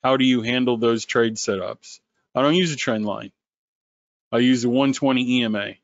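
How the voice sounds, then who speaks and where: A man who founded a company, running a sales webinar in an animated, sarcastic way. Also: no room sound, lo-fi sound. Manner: animated, sarcastic, quick swings in pitch.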